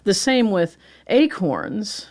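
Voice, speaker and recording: A woman, a professor explaining linguistics in a lively conversational way and often asking "right?". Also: mid-range voice. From Pittsburgh, USA. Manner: animated and chatty, explains with rhetorical "right?" and quick laughs. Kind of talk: conversational lecture in an interview.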